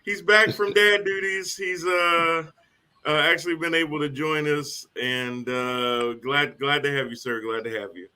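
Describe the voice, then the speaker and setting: A man hosting a live streamed talk show, energetic and casual, cracking jokes as he welcomes his panel. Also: on the high side, a little slow, smooth.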